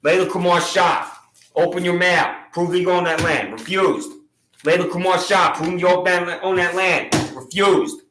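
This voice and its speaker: A man's voice: high voice, little pitch movement, moderate pace, pushed and bright, echoey room, slight background noise, low-quality recording. A man making an impassioned public complaint against local officials, accusatory, sarcastic and repetitive.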